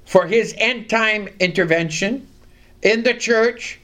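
A man preaching a sermon, reading scripture aloud and leading the congregation to repeat lines after him, stressing key words deliberately. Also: high-pitched, pushed and bright.

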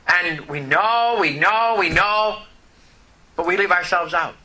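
A man preaching a sermon, slow and emphatic, repeating key words to his congregation. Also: high-pitched, pushed and bright, poor audio. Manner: preaching slowly with emphatic repetition. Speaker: pastor.

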